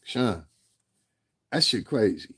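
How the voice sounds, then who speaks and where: A man's voice: lowish voice, sing-song, slow, pushed and bright, breathy edge. A man, ranting profanely in fired-up commentary and repeating himself. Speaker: commentary channel host.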